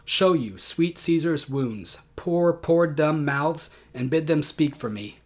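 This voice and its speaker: A man's voice: fairly high pitch, lively intonation, takes it slowly. A man reading the part of Mark Antony, a grieving Roman man stirring up a crowd, in a solemn, declaiming Shakespeare recitation. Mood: rousing.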